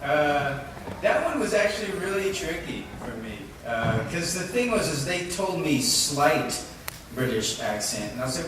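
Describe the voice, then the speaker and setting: Man, convention panel guest, laughing storyteller, booming echoey hall, crowd noise. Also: measured pace. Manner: laughing, animated anecdotes. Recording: echoey hall, noisy, from far off.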